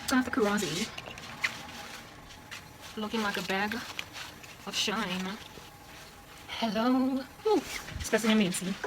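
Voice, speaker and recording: Chatty South African woman over loud kitchen clatter. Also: on the high side, unhurried, pauses often, noisy background. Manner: playful and chatty, breaks into sing-song asides. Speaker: vlogger. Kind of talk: casual vlog with a kitchen demonstration. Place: home kitchen, indoors. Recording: loud clinking dishes and cutlery behind. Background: clattering dishes, pots and cutlery.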